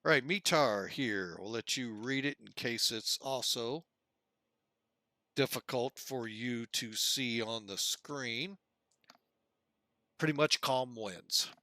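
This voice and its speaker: Slow, chatty man streaming a flight sim. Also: mid-range voice, pushed and bright, no echo. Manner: chatty, addresses viewers as folks. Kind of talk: casual live-stream narration.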